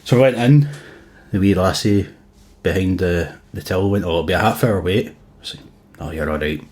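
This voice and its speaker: A man's voice: low-pitched, normal speed, a little mellow. A young man with a Glaswegian accent, co-hosting a podcast, telling sweary, laughing stories and acting out the quotes he tells. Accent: Scottish, Glaswegian. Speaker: podcast co-host. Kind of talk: casual chat.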